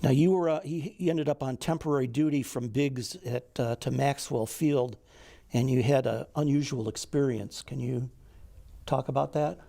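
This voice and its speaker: A man interviewing a veteran, gently prompting him with questions. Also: medium pitch, steady tone, moderate pace, gravelly. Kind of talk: oral history interview.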